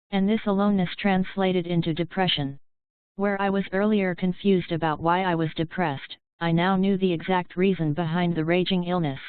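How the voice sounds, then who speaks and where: A woman reading a first-person audiobook in a steady, measured way. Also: lowish voice, smooth, dry recording. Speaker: audiobook reader. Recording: dry, tinny phone-like sound.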